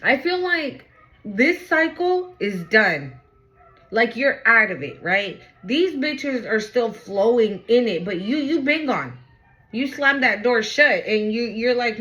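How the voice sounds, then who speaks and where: A woman's voice: on the high side, lively intonation, slow pace, bright, forceful tone, highs cut off. A woman giving a casual tarot reading to camera. She talks bluntly, swears freely, repeats her points and keeps asking "right?". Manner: blunt and profane, repeats phrases for emphasis; asks "right?" again and again. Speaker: tarot reader.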